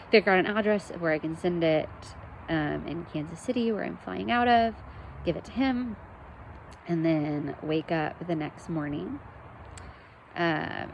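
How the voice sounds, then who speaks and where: A woman's voice: fairly low pitch, gravelly, a bit bright, slight background noise, poor audio. A young woman from the United States telling a personal story in a candid, self-deprecating way, with lots of ums. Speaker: podcast host.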